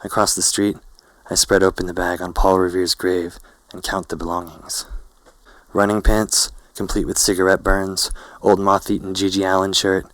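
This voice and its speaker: Deep, flat-voiced male narrator. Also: no room sound, low-quality recording. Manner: slow, hazy and poetic. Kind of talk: literary first-person narration.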